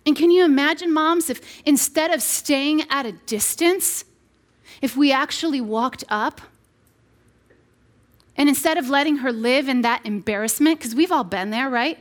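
High-voiced woman preaching earnestly to mothers. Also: normal speed. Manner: earnest and conversational, with many restarts and playful asides. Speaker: speaker addressing mothers. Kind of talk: sermon-style devotional talk.

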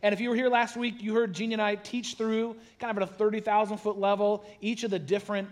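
A man, a pastor, giving a sermon in a casual, conversational way, with animated storytelling and self-deprecating asides. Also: sits high, fast. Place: church sanctuary.

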